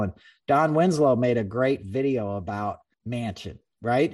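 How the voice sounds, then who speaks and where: A man hosting a podcast in casual political chat, rambling and animated, with many restarts and swearing. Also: mid-range voice, far from the mic. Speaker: podcast host.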